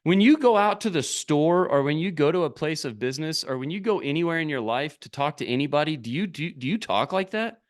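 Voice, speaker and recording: A man's voice: on the high side, fairly quick, few pauses. A man giving a business coaching talk straight to camera, urging his viewers and firing off rhetorical questions. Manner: animated, urging, asks many rhetorical questions.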